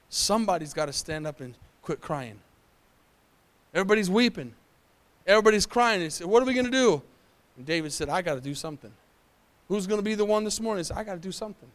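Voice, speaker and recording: High-voiced fervent preacher man. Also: expressive, fast. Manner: builds to loud, fervent preaching with call-and-response. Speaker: pastor. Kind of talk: sermon.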